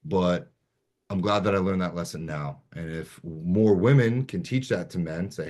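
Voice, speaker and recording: A man's voice: sits low, moderate pace, a little mellow. A man in his thirties on a group video call, talking in an earnest, reflective way. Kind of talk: casual chat.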